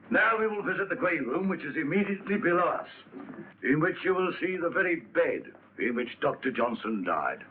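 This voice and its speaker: An actor playing a fussy male museum tour guide, reciting to visitors like a showman. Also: mid-range voice. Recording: tinny old film soundtrack with faint noise.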